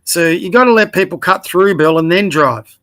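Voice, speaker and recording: A high-voiced man goes over a youth basketball game late at night, tired but still keen. His bright tone stays direct as he corrects mistakes and praises good plays by name. It sounds like a casual coaching review. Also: normal speed. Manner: direct, corrective, encouraging, addresses players by name. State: tired, yawning. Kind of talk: casual video review commentary.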